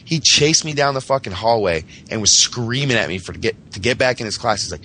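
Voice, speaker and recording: A man's voice: mid-range voice, animated, fast, few pauses, sharp tone, a little hiss or hum. A man from Massachusetts, a podcast host, telling a boastful, profane story in casual chat.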